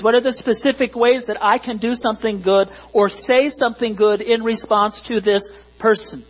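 A husky, slightly high-voiced man preaches a sermon to his congregation. He builds to emphatic, forceful points, then falls back to soft, quiet asides. The recording is dull and lo-fi, with a steady mains hum underneath. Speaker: pastor.

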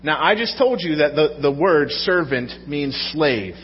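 A man's voice: fairly high pitch, lively intonation, measured pace, slight background noise. Conversational man preaching a sermon. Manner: conversational, asks the audience questions. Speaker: pastor. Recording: dull sound with long hall reverb.

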